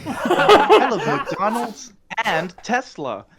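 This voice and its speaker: A goofy, stereotyped American man, put on by a British man with a fake American accent. He talks high and slow, with drawn-out words and a laugh in his voice. It is a silly podcast bit. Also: huge pitch swings, a loud crowd, heavily acted. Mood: cheesy.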